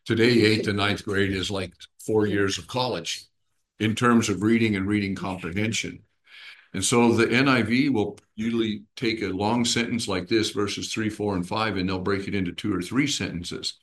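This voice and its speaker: A man's voice: on the low side, steady tone, normal speed. A man teaching a small group Bible study, explaining patiently and often checking in with his listeners.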